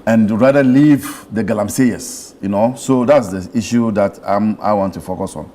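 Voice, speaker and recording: A man's voice: on the low side, normal speed, warm tone, slight background noise. A man, a member of parliament, arguing insistently in a TV studio panel debate. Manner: insistent, argumentative.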